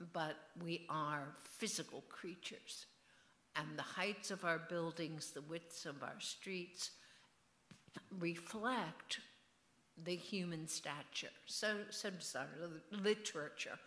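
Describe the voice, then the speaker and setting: A woman's voice: deep voice, fairly bright tone, roomy sound. A woman author in an onstage festival conversation, musing and digressive, with a rhythmic way of speaking. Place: event hall.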